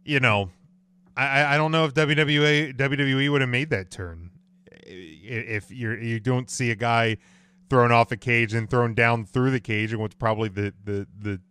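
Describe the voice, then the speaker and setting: A man's voice: mid-range voice, pushed and bright, smooth, dry recording. A man hosting a casual podcast chat, thinking aloud and passing the talk to his co-hosts. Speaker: podcast host.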